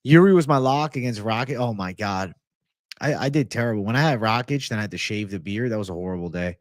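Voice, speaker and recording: Brief: young male host, relaxed profane banter, dry close-mic sound. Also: lowish voice, quick pace, dry recording. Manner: profane, laid-back, reads chat aloud. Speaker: MMA show host. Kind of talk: casual livestream chat.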